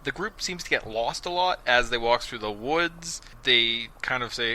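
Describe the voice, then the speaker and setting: Bright, sarcastic male podcast host. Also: medium pitch, normal speed, low-quality recording. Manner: sarcastic, animated storytelling with mocking quoted voices. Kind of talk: casual podcast recap.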